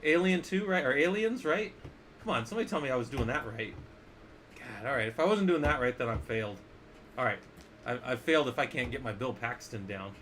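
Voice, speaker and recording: A man's voice: mid-range voice, fairly quick, fairly bright tone, a little hiss or hum. A man teaching a casual screen-share lesson as an instructor, playful and jokey, often asking the viewers questions.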